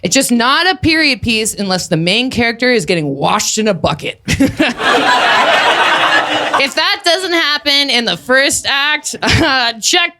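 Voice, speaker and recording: A woman comedian works through a stand-up set with an offbeat, deadpan storytelling manner. Her voice sits a little high and swings widely in pitch while she takes her time. Loud audience laughter fills the room around her. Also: heavy background noise. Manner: offbeat deadpan storytelling with sudden shouted bits.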